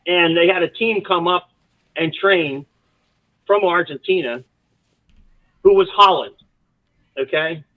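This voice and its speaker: A college soccer coach, guesting on a podcast, tells long, rambling stories full of asides in an animated way. His voice is high and slow, with long pauses, and the dry recording sounds tinny, like a phone line.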